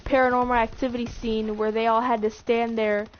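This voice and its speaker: A woman's voice: a little high, flat delivery, a little fast. Chatty young woman recapping a show. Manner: rambling, full of "like" and restarts, breaks into acted quotes. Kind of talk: casual chat. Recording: dull lo-fi recording with faint noise.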